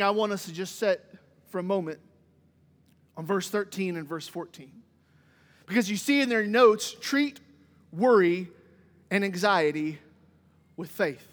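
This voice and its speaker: A man preaching a sermon, moving from loud exclamations to quiet asides and folksy stories. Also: sits high, normal speed, long pauses. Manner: folksy, humorous anecdotes. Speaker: pastor. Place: church sanctuary. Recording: long church reverb.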